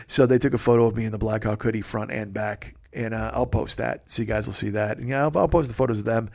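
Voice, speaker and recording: A man's voice: on the low side, steady tone, quick pace, vocal fry, darkish tone. A man, a comedian telling a profane, rambling story on his podcast and often cutting himself off mid-sentence. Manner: profane, rambling, self-interrupting. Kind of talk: casual storytelling monologue.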